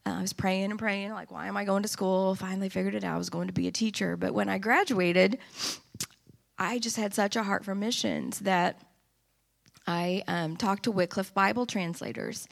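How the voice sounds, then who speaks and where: A middle-aged woman giving a personal testimony at church, telling her story in an earnest, animated way. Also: mid-range voice, moderate pace, gravelly.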